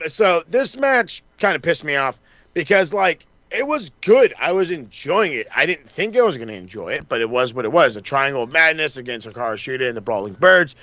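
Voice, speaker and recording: A man co-hosting a podcast, recapping wrestling in a casual, animated and profane way, acting out the wrestlers' lines. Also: mid-range voice, no room sound. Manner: animated, swears a lot, acts out wrestlers' lines. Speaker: podcast co-host.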